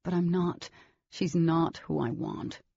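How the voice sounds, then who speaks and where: A woman narrator voicing an intense, stubborn teenage boy who talks in a forceful, insistent way. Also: sits low, slow pace, creaky, breathy edge, dry recording, lo-fi sound, heavily acted.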